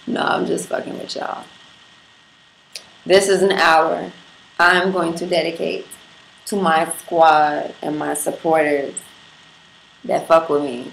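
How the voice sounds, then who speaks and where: A woman's voice: low voice, vocal fry. A woman from Brooklyn hosting a casual livestream, brash and profane, talking straight to her viewers. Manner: brash, profane, playful, addresses viewers directly. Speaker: livestream host. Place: apartment room in Brooklyn. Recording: echoey room with faint background noise.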